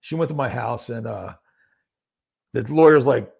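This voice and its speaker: A man with a gravelly, husky voice tells his story conversationally. He is animated and acts out other people's lines. His speech is casual and full of fillers. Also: mid-range voice, normal speed, pauses often. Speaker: podcast guest, former narcotics detective.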